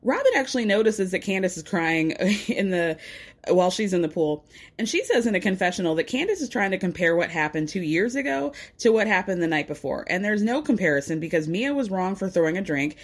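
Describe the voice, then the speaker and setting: A woman giving a casual, opinionated recap of a reality TV episode, animated as she retells the drama. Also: fairly low pitch, fairly quick. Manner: opinionated, animated retelling with frequent laughs and sighs.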